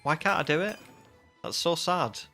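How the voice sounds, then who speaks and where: A man's voice: fairly high pitch, lively intonation, moderate pace, creaky, pushed and bright, soft background music. A man streaming a game live, chatting casually and joking at his own expense. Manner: self-deprecating, chatty.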